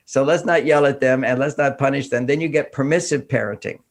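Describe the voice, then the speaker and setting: Animated man from Texas, podcast guest. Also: mid-range voice, a little fast, creaky. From Houston, Texas. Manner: animated, acts out dialogues. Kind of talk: conversational interview.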